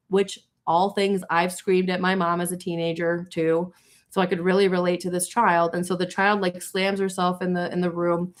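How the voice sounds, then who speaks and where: A young woman chatting casually as a tarot reader on a livestream, candid and quick to swear. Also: on the low side.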